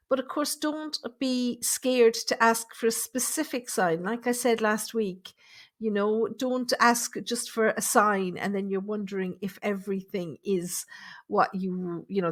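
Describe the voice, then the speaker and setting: A woman's voice: on the high side, fairly bright tone. A woman with an Irish accent, a spirit medium chatting casually on her live stream at her home computer, greeting viewers and reading their comments aloud. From Ireland.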